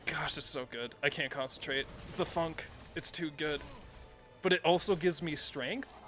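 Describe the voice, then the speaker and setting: Male streamer with a bright, slightly high voice, rambles, corrects himself mid-sentence, swears a lot. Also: unhurried, soft background music. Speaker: game streamer. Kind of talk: casual live-stream commentary while playing.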